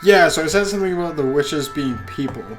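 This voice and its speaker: A man's voice: a little high, quick pace, faint music behind. A man co-hosting a podcast, chatting loosely and reading a game's narration aloud, rambling and swearing now and then. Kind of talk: casual let's-play chat and reading.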